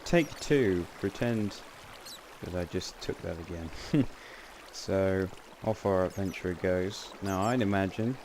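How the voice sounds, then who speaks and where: A man's voice: deep voice, a little slow, background noise. A man giving casual, rambling gameplay commentary with wry asides and frequent self-corrections. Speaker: game channel host.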